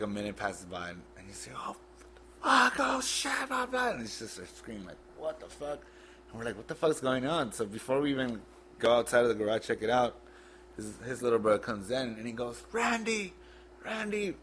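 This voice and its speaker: A man on a podcast, retelling a painful memory in a blunt, halting, profane way. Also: on the low side, a bit bright, a little hiss or hum. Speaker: podcast guest. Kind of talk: casual storytelling.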